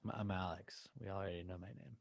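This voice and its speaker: A young man co-hosting a casual comedy podcast, joking around and now and then breaking into loud silly shouts. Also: sits low, fairly even intonation, quick pace, creaky, slightly rough, dry recording. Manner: jokey, bursts into loud silly Pokemon shouts. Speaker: podcast co-host.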